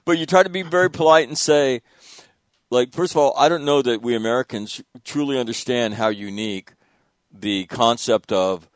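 A man and military veteran telling war stories in a casual chat, animated and swearing freely. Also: mid-range voice, normal speed, dry recording. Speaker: podcast host, military veteran.

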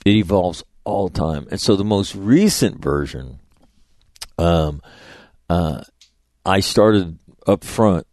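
Blunt, deep-voiced man telling stories. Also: lively intonation, takes it slowly, pauses often, darkish tone, no echo, clean studio sound. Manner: blunt, profane, rambling, with many restarts. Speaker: podcast host and public speaker. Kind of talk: casual storytelling monologue.

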